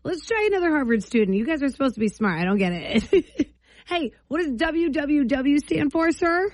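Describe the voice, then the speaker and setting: A woman's voice: high voice, expressive, moderate pace, darkish tone, no echo. Playful chatty radio host woman. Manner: playful, chatty, laughs often. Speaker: radio morning show host. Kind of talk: upbeat morning radio talk.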